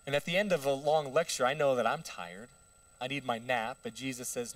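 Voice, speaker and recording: A man's voice: medium pitch, brisk, distant mic. A male pastor giving a conversational sermon, putting rhetorical questions to the congregation. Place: church sanctuary.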